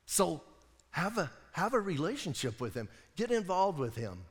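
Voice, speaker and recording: A man preaching in a church, his voice sitting high and swinging widely up and down as he tells the story. He talks to the congregation like friends, leaning on "listen" and "right?", and a long hall reverb trails every phrase. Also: normal speed, breathy edge. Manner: animated storytelling. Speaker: pastor. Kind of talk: sermon.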